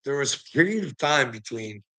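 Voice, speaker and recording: A man's voice: mid-range voice, animated, fairly quick, sharp tone. A man hosting his own vlog, talking to his viewers in a rambling, profane monologue and laughing between his lines. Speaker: channel host.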